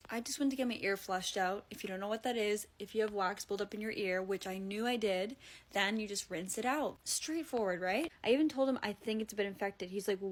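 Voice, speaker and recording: A young woman casually ranting about a bad experience, retelling it with exasperated, animated quoted dialogue. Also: mid-range voice. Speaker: vlogger. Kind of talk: casual storytelling rant.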